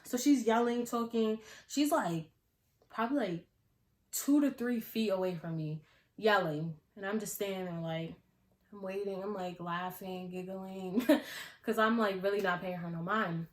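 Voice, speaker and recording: A young woman telling a casual storytime vlog, acting out her own past lines with animated delivery. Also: mid-range voice, measured pace. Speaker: vlogger. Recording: echoey room.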